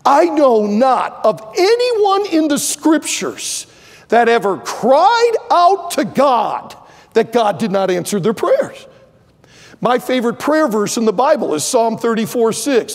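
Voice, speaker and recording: Older male pastor, high lively voice, preaching in a big echoing sanctuary. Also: measured pace. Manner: impassioned, swings from loud pleading to low asides. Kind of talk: sermon. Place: large church sanctuary.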